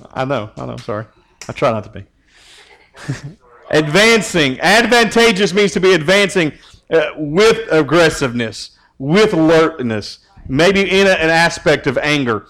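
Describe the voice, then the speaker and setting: A man's voice: on the high side, animated, measured pace, long pauses, fairly bright tone. A man preaching a casual youth sermon, joking and teasing as he quizzes the group. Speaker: youth pastor.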